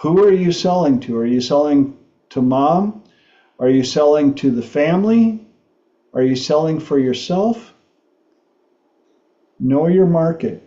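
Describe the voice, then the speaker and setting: A man hosting a talk show, telling a story slowly and haltingly, laughing often. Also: fairly high pitch, lively intonation, warm tone, roomy sound, lo-fi sound. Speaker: host.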